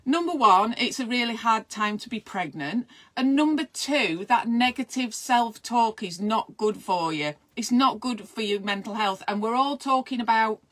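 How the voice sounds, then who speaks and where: A woman's voice: on the high side, moderate pace, hardly any pauses, fairly bright tone. A middle-aged woman, chatting casually and rambling on a live stream as a midwife host, encouraging her viewers.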